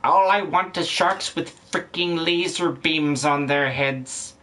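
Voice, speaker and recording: Slow and forceful, this man's bright, high-leaning voice rambles casually as he live-streams a game and reads chat, with a condescending tone. He's relaxed, curses freely, and laughs a lot.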